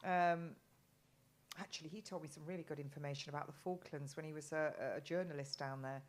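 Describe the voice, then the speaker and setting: A woman's voice: sits low, steady tone, fairly quick. A middle-aged woman from England talking as a guest in a casual live chat, rambling with many restarts and ums.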